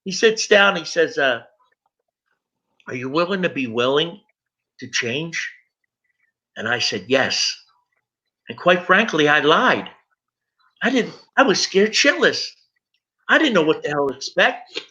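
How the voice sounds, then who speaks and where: A man's voice: on the high side, lively intonation, unhurried, long pauses, sharp tone, dull audio. A middle-aged man sharing his recovery story in an earnest personal testimony, speaking straight to his listeners.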